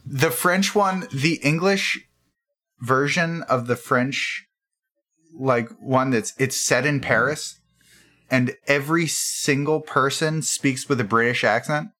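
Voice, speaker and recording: Bright-voiced man in casual chat. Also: medium pitch, takes it slowly, faint music behind. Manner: animated, laughing, filler-heavy. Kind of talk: casual chat among friends.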